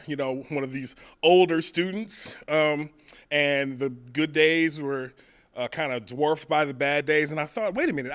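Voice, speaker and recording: A man telling a personal comic story, acting out both sides of the dialogue and laughing through his own lines. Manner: acts out both sides of dialogue, rising high and loud for punchlines. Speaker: stand-up comedian.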